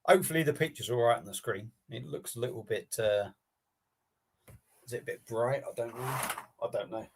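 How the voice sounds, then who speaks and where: A man hosts a relaxed live stream, talking off the cuff to viewers. His delivery is rambling and matey, with easy swearing thrown in. His voice sits at an ordinary middle pitch. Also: moderate pace, pauses often, breathy edge. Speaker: beer review streamer. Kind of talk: casual live-stream chat.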